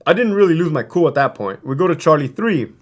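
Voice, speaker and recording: A man's voice: a little high, expressive, fast. A man who used to be a prison guard tells stories in a casual, profane, streetwise way, rambling and restarting his sentences. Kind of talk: casual storytelling.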